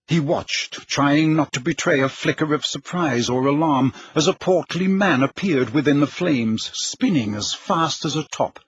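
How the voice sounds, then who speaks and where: A man narrating an audiobook in a measured, even storytelling manner. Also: a little high, slightly rough, dry recording, lo-fi sound. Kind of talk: scripted narration.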